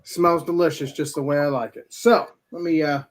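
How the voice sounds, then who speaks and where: A man's voice: on the high side, fairly even intonation, normal speed, a little hiss or hum, poor audio. A man hosting a casual live stream, talking in an easygoing, loose way. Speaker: host.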